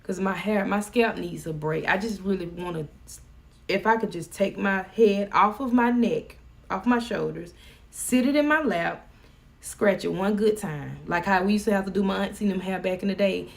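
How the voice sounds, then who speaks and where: A woman's voice: medium pitch, moderate pace, vocal fry. A woman with a Southern US accent chatting casually on a live stream, folksy and joking. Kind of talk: casual chat.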